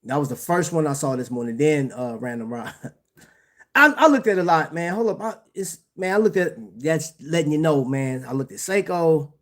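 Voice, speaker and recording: A man's voice: on the high side, normal speed. A man hosting a casual livestream about watches, talking in slang, laughing often and addressing his chat. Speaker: watch channel host.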